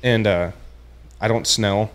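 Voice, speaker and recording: A young man with a fairly low, fairly even voice speaks slowly as a podcast guest. He's a tournament angler telling a story in casual chat, laid-back in manner, saying "dude" often and acting out the lines he quotes.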